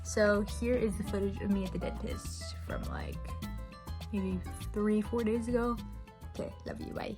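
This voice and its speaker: A woman's voice: mid-range voice, wildly swooping pitch, moderate pace, gravelly, over loud music. A young adult woman vlogging in a casual, chatty way, dramatically complaining and using lots of "like" fillers. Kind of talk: casual vlog chat.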